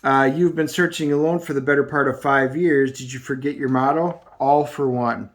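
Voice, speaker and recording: A man's voice: mid-range voice, steady tone, normal speed, natural voice. A man reading the lines of an older, scheming musketeer captain aloud in a plain voice while reviewing a comic.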